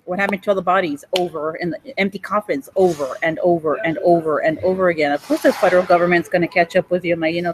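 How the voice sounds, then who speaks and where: A woman's voice: on the low side, fast talker, a little hiss or hum, low-quality recording. A woman in her forties talking in a rambling, profane monologue, often breaking into giggles. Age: 40s.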